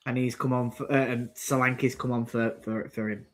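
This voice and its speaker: This co-host of a casual football watchalong has a medium-pitched voice with a flat delivery at normal speed. He commentates on the match in a rambling manner, announcing substitutions and plays while grumbling about the play.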